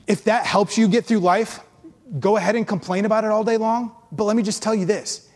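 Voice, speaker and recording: Guy pastor preaching, lively, mocks complainers in silly voices, big echoey church. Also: high-pitched, fast talker. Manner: animated, acts out complainers in mocking voices. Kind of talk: sermon.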